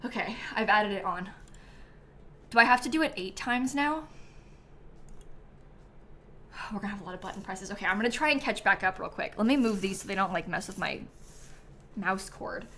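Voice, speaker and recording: A woman's voice: medium pitch, animated, normal speed, long pauses, sharp tone, a little hiss or hum. A woman hosting a casual live stream, chatty and giggly, full of ums and likes as she thanks viewers by name. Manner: reads out viewer names and thanks. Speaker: livestream host.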